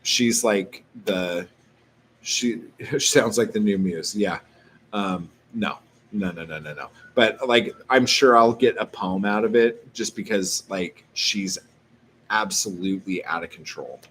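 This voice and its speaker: A man's voice: on the low side, measured pace, fairly bright tone, slight background noise. A man vlogging casually, rambling through a story full of filler words and swearing.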